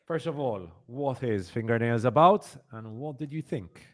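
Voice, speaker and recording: A man's voice: mid-range voice, lively intonation, moderate pace. A man hosting a podcast, reviewing a series in casual chat, rambling with many fillers and repeats and emphatic complaints. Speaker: podcast host.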